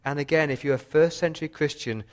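A man preaching a sermon with passion, his voice rising for emphasis and dropping low for quiet points. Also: fast. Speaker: pastor.

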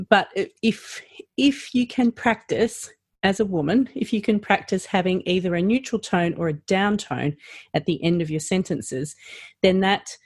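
A woman, a health practitioner, talking through her advice in a podcast conversation, animated and full of ums. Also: no echo, clean studio sound. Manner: animated, rising and falling pitch, lots of fillers. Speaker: practitioner educator.

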